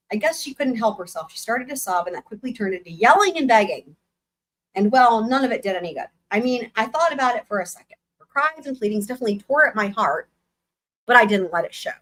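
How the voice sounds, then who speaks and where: A woman's voice: on the high side, expressive, fast, fairly bright tone. A woman in her thirties hosting a live stream, reading a book aloud with chatty, sarcastic asides. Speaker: livestream host and reader.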